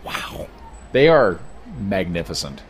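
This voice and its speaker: A man's voice: low-pitched, sing-song, slow, a little hiss or hum. A man co-hosting a casual chat in a hostel room, telling a long rambling story with many fillers. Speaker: podcast co-host.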